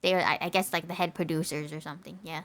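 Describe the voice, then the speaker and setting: A woman's voice: deep voice, steady tone, quick pace, fairly bright tone. A young woman streamer giving playful, rambling commentary as she plays a game, often breaking into giggles. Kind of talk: casual gaming commentary.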